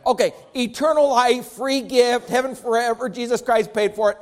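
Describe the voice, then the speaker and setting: A man with a notably high voice delivers a sermon. He speaks with an emphatic preaching cadence, swinging up and down in pitch and loudness to drive his points home. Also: steady tone, normal speed, hardly any pauses. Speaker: pastor.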